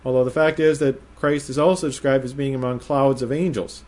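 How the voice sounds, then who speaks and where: A man giving verse-by-verse Bible teaching in a measured, explanatory way, slowing down to stress quoted phrases. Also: medium pitch, steady tone, darkish tone.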